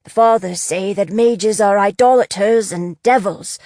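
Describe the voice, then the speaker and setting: A woman's voice: mid-range voice, measured pace, mellow, no room sound, clean studio sound, close to an everyday voice. A woman voicing a nervous, apologetic young male mine worker who tells fortunes, in a storybook reading. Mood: nervous pleading. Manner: pleading and apologetic.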